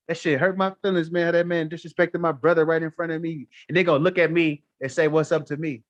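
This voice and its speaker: Man, guest on a live stream; blunt, profane storyteller; fairly high voice; dry, close sound. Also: level tone, quick pace, dry recording, highs cut off. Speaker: livestream guest.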